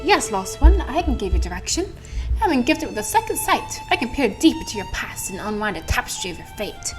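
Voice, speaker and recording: A woman voicing a mysterious female fortune teller with second sight, in a slow, knowing, theatrical manner. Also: on the high side, big pitch swings, over music, voice pushed up, poor audio. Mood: mystical.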